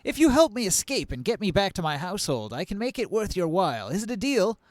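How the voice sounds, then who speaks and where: A man's voice: sits high, big pitch swings, fast, no echo, voice pushed up. A man voicing a pompous, wheedling merchant begging for help. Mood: pleading. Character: male merchant, pleading and smarmy.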